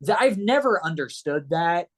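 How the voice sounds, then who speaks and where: A man's voice: on the high side, lively intonation, moderate pace. A man from Ohio, a podcast guest in casual chat, telling stories animatedly and acting out the voices of the people he quotes.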